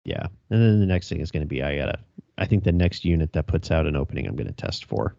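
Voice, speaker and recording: A man's voice: rumbling low, very animated, fast talker, gravelly, warm tone, dry recording. A young male police officer telling a chase story on a casual podcast, laughing, swearing and acting out radio calls. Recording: dry, dull lo-fi sound.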